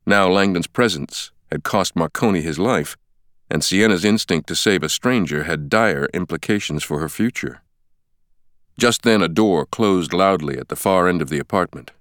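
Deep-voiced man, steady audiobook narration, dry close studio sound. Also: no room sound. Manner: measured, steady reading. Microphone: close studio mic.

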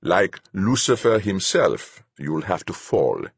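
A man voicing a bleak, somber male commander speaking slowly and ominously. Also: sits low, big pitch swings, vocal fry, slightly rough, no echo, full character voice.

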